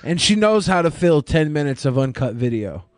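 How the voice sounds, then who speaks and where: A man's voice: on the high side, very animated, moderate pace, darkish tone, no echo. A man in his thirties co-hosting a podcast, riffing crude jokes in casual chat. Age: 30s. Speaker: podcast co-host.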